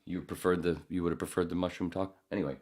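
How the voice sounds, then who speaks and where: A man hosting a podcast in a rambling, profane casual monologue, now and then jumping into loud high voices. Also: fairly even intonation, fast. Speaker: podcast host.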